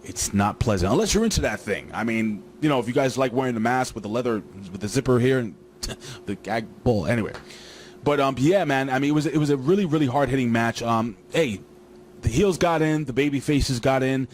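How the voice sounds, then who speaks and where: A man's voice: mid-range voice, a little fast, slight background noise. Rambling, jokey male wrestling reviewer. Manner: rambling, jokey, talks straight to viewers. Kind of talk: casual recap commentary.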